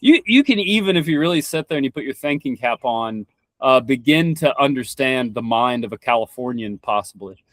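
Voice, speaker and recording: A man's voice: mid-range voice, animated, a little fast, no echo. Podcast guest, young Kentucky man, stammering restarts, blunt and profane, dry mic. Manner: rambling, frequent restarts and stammered repeats; blunt, swears freely. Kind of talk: casual conversation.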